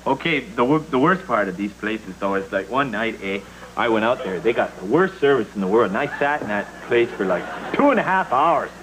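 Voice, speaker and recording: A man's voice: mid-range voice, animated, fairly bright tone, close to an everyday voice, rough recording. A dopey, beer-soaked Canadian co-host, voiced by a man, with a thick Canadian accent. He mumbles his way through muddled thoughts, adding "eh" as he goes. A hiss runs under the broadcast. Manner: slow, muddled, with "eh".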